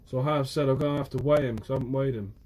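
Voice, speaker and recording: A man's voice: mid-range voice, steady tone, very fast, darkish tone, a little hiss or hum. Chatty fisherman streaming live by phone. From Guernsey. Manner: chatty, answers viewers' comments by name. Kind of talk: casual live stream chat. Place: outdoors by the shore.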